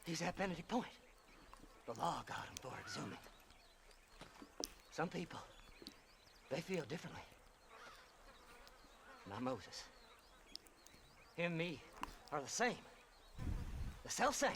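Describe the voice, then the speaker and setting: An actor playing a half-mad older male grave robber in a video game, gravelly and manic, with sudden swings in tone. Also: a little high, sing-song, a little slow, long pauses, background noise, heavily acted. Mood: brooding. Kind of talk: video game cutscene acting. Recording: game audio with loud insect ambience.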